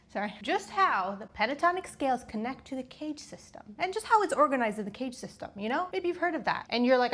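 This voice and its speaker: Playful woman guitar teacher, high and very animated, casual lesson. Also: fast, few pauses. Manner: playful, chatty, explains step by step.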